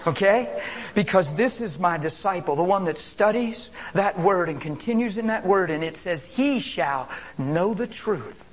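Impassioned high-voiced male preacher. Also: normal speed, slight background noise. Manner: impassioned, swings between hushed whispers and loud exclamations; repeats phrases and calls out to the congregation. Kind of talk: sermon.

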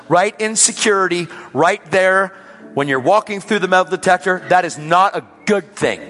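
A man preaching a sermon, telling a story with lively swings between loud and hushed. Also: high voice, normal speed, long reverb tail.

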